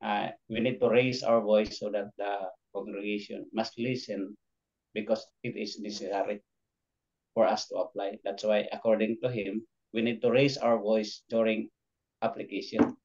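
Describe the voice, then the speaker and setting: A man in a preaching class politely asking his teacher a question, speaking haltingly and saying "sir". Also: fairly low pitch, little pitch movement, darkish tone, lo-fi sound. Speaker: student.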